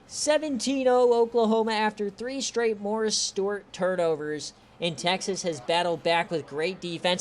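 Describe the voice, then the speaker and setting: A man giving excitable, profane play-by-play of a streamed online football game, his voice strained from shouting. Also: moderate pace, hardly any pauses. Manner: swings from shouted calls to low, relaxed chatter. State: straining voice, says he is losing it.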